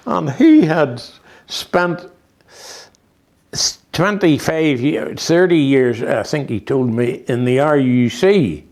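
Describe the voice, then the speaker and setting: A man's voice: a little high, lively intonation, extremely slow, long pauses, darkish tone. A man in his eighties with a Northern Irish accent, telling rambling anecdotes in an interview with many restarts and fillers. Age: 80s. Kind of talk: reminiscing conversation.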